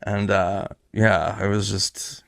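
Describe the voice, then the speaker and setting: A man's voice: fairly low pitch, flat delivery, takes it slowly, vocal fry, no room sound, clean studio sound. A male comedian telling a casual, rambling story in an interview, swearing freely.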